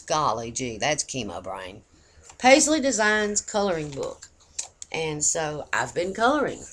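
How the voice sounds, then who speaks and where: A woman's voice: on the low side, creaky, slight background noise. A woman, chatting casually and folksily to camera in a rambling way. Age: 50s. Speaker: vlogger.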